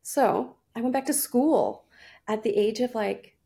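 A woman's voice: on the high side, measured pace, gravelly, warm tone. Fitness coach lady in her 40s chatting on a podcast, laughs a lot, keeps restarting sentences. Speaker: guest nutrition and fitness coach. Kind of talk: casual interview storytelling.

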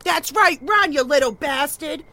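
Crude, cackling old gossip, played by a woman, sharp bright voice, comedy audio drama. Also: sits high, unhurried, full character voice. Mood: mocking. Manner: crude, cackling, conspiratorial talk. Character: older gossipy neighborhood woman, crude and mocking.

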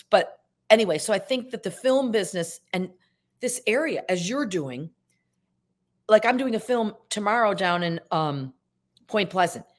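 A woman in her sixties from upstate New York, a guest actress telling stories in a chatty, animated way on a podcast. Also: medium pitch. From Syracuse, New York. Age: 60s. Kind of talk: casual podcast chat.

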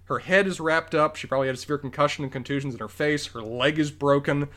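Fast-talking man explaining a film. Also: fairly high pitch, a bit bright. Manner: detailed, explanatory, quick bursts. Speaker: podcast co-host. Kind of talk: casual movie review chat.

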